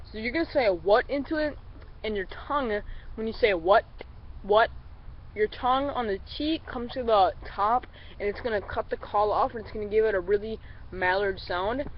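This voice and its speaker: A man's voice: high voice, moderate pace. Slightly sick man teaching duck calls. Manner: relaxed, rambling, addresses viewers as guys. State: a little sick. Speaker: duck calling instructor. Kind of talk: casual tutorial. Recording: slightly dull lo-fi recording with faint vehicle noise.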